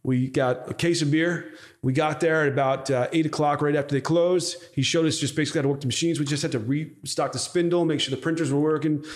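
This podcast guest, a man who founded a company, speaks quickly in a voice on the high side. He's an animated storyteller in a casual interview, cursing openly and performing other people's lines as he recounts events.

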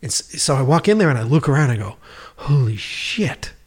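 A man's voice: medium pitch, racing, breathy edge. A man telling filmmaking stories in casual chat, swearing freely and acting out the dialogue he quotes. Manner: profane, animated storyteller acting out quoted dialogue. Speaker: filmmaker guest.

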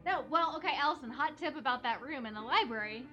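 A woman's voice: high-pitched, expressive, fast, sharp tone, muffled recording, soft background music. A woman hosting a casual chat, upbeat and steering the conversation. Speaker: podcast host. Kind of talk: casual chat with guided narration.

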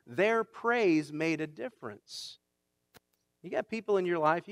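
A man, a pastor, preaching a sermon in a conversational way that builds to emphatic shouts. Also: high-pitched, smooth, no echo.

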